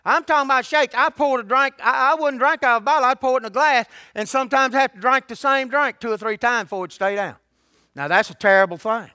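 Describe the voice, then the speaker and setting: A man's voice: very high-pitched, fast talker, bright, forceful tone, smooth, no echo, clean studio sound. An older man preaching a sermon, telling his testimony in a folksy, colloquial way. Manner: folksy storytelling with colloquial grammar.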